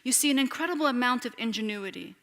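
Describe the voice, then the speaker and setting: A woman, an author taking questions at a public talk, speaks in an animated way with frequent restarts and "you know.". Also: on the high side, quick pace. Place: lecture hall with an audience. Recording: long hall reverb.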